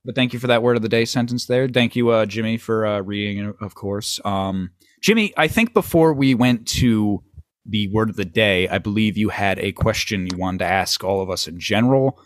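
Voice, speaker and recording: A man's voice: lowish voice, normal speed, dry recording, studio quality. A man hosting a podcast, chatting casually in a rambling, crude way and laughing often. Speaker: podcast host.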